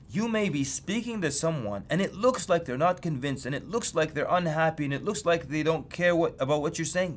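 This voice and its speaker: A man preacher giving a lecture on outreach, telling stories with lively swings of pitch for emphasis. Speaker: Islamic preacher teaching street outreach. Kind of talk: story-led lecture.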